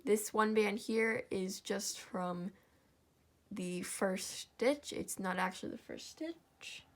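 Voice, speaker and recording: A woman's voice: mid-range voice, slow pace. A young woman hosting a step-by-step craft tutorial, tired and yawning, apologizing as she talks through each stitch.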